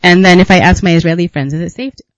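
A man giving a reflective talk as a retreat teacher, musing unhurriedly with gentle laughs and pauses. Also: high-pitched, steady tone, dry recording, rough recording. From United States.

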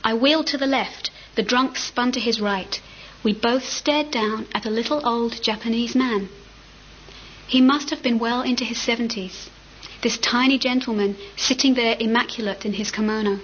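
A woman's voice: on the high side, normal speed, fairly bright tone. A woman reading a story aloud in a casual way, sometimes stumbling over words. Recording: muffled with faint hiss.

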